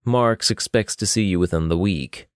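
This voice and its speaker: A man voicing a composed older brother who delivers grave news in a slow drawl. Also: sits low, no room sound, clean studio sound, close to an everyday voice.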